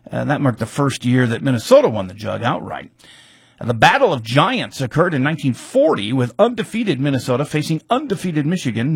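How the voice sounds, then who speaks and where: A man's voice: mid-range voice, husky, dry recording, clean studio sound. A man recapping a football rivalry's history in casual talk, reading facts with offhand asides and fillers.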